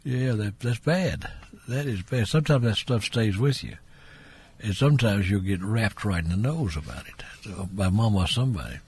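A man's voice: lowish voice, lively intonation, normal speed, darkish tone, breathy edge. A man hosting a call-in radio show, chatting casually and laughing along with callers.

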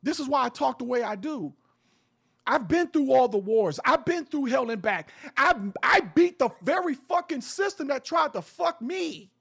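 A man's voice: very high-pitched, gravelly, a bit bright, breathy edge. A man hosting an opinion radio show, talking bluntly and emphatically, with swearing and preaching. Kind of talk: fiery opinion talk.

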